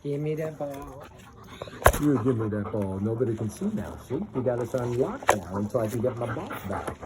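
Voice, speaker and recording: Man playing fetch with dogs, coaxing, sing-song, steady noise outdoors. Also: medium pitch, a little fast. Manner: coaxing, playful pet talk. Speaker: dog owner. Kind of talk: casual talk to dogs while playing fetch. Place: backyard, outdoors.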